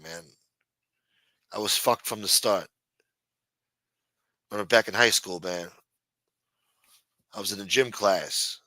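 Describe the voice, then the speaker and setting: A man's voice: on the low side, bright, forceful tone, dry recording. A man from New York with a New York accent hosting a late-night show, rambling and swearing in a sarcastic casual monologue. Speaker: host.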